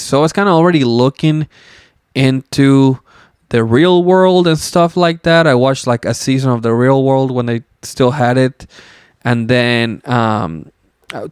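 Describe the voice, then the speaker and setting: A man's voice: medium pitch, smooth, no echo, studio quality. A young man hosting a casual solo podcast, rambling loosely with lots of fillers and some swearing. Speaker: podcast host.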